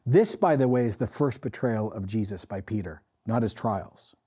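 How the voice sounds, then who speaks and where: A man who is a pastor, preaching an animated sermon that rises loud and drops to quiet intensity, acting out the voices he quotes. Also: fairly low pitch, moderate pace, husky. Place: church.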